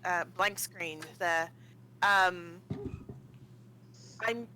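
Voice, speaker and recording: A woman playing a tabletop game, thinking aloud with a hesitant, halting flow. Her voice is bright and clear, with a faint hum behind it. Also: lowish voice, rough recording. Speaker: player. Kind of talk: casual tabletop play.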